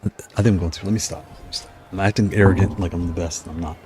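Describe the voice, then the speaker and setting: Low-voiced man trash-talking over gameplay. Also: steady tone, warm tone. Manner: playful trash talk, quick apologies. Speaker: gaming streamer. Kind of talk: casual gameplay commentary.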